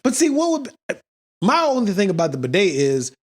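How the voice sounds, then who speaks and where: Male podcast co-host, high voice, very animated swoops, teasing banter, quick laugh. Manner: teasing, laughs easily, swings wide in pitch. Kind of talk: casual chat.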